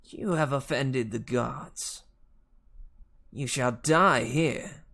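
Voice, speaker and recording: A man's voice: mid-range voice, gravelly, pushed and bright, exaggerated voice. A man voicing a menacing female Fury, a hissing demon, with a put-on Southern accent in a storybook reading. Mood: threatening. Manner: slow, drawn-out threats. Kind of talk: read-aloud storybook voice.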